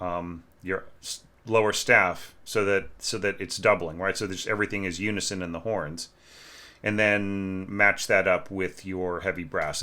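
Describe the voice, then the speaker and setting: Chatty man with a bright, forceful voice. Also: deep voice. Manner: conversational, keeps checking with "right?", sings phrases as "da, da" and "bum, bum". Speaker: orchestration teacher reviewing a student score. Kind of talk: informal music lesson.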